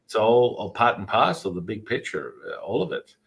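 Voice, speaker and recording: A man with a fairly low voice hosts a casual podcast interview. He rambles, circles back and repeats himself, and he leans on filler words as he goes. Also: moderate pace, creaky. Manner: does animated voices when telling stories. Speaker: podcast host. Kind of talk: casual spiritual interview chat.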